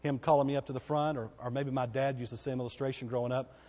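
A man preaching a sermon as pastor, swinging between loud, emphatic declarations and hushed, quiet passages. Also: medium pitch, flat delivery, fast talker, in a large hall.

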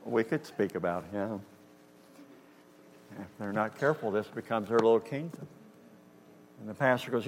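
A man's voice: lowish voice, lively intonation, moderate pace, long pauses, darkish tone. A man preaching a storytelling sermon in a conversational way, acting out dialogue and asking the congregation if they hear him. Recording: reverberant hall with faint hum.

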